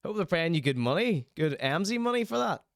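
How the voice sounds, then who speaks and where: A man's voice: high-pitched, big pitch swings, brisk, vocal fry, dry recording, studio quality. A man hosting a casual show, reacting to clips with chatty, teasing asides.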